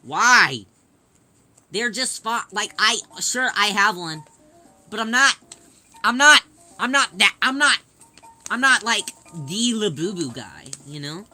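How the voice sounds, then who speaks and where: A woman hosting a casual livestream, chatting and answering viewers' questions in a lively way with many restarts. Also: mid-range voice, slow, long pauses, soft background music. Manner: animated, reads and answers chat, many restarts. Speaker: livestream host.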